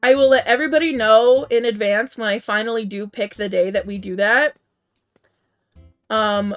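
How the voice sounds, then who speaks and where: A woman's voice: fairly high pitch, a bit bright. A woman streamer chatting casually with her viewers, reading out chat messages, giggling often and restarting her sentences with lots of ums. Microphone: headset mic. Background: faint game music.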